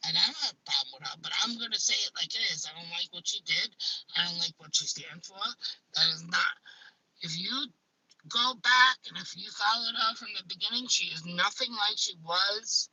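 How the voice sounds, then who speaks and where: A woman's voice: medium pitch, moderate pace, bright, forceful tone, husky, no echo, low-quality recording. A woman with a Staten Island accent hosting a casual live stream. She talks bluntly, swears freely and often restarts her sentences. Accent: Staten Island, New York.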